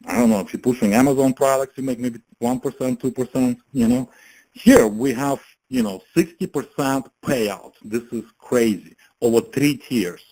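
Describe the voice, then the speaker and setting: A man talks in a relaxed, chatty way at a middle pitch. He gives a casual motivational talk and keeps turning to his audience with questions. His delivery stays conversational. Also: poor audio. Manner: chatty, keeps asking the listeners rhetorical questions. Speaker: network marketing presenter.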